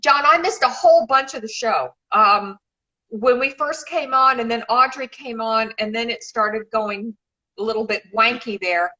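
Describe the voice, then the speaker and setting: Effusive, bright-voiced middle-aged woman. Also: a little high, moderate pace, dull audio. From Memphis, Tennessee, USA. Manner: chatty and effusive, calls people darling. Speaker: shoe designer and regular guest. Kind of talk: casual live-stream chat.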